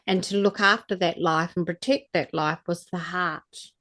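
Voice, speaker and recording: Earnest low-voiced woman channeller. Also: moderate pace, fairly bright tone. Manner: earnest, rambling, restarts mid-thought. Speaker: spiritual channeller. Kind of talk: spiritual talk and guided activation.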